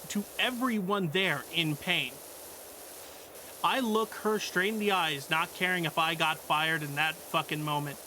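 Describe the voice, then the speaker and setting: Bright high-voiced young man ranting. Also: a little hiss or hum. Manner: profane, blunt, exasperated retelling. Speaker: streamer. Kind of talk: casual storytelling.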